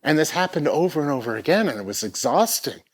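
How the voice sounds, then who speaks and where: A middle-aged man speaking on stage at a live arts event, telling a personal story in a reflective, halting way, often repeating words as he searches for them. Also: fairly high pitch, sing-song. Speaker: festival speaker.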